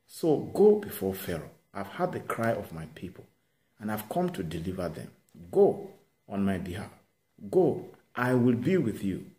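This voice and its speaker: A man's voice: fairly low pitch, very animated, moderate pace, dark tone. A man preaching, voicing God as a commanding, reassuring divine figure who repeats his promises insistently. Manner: emphatic, insistent repetition. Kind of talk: sermon with acted quotes.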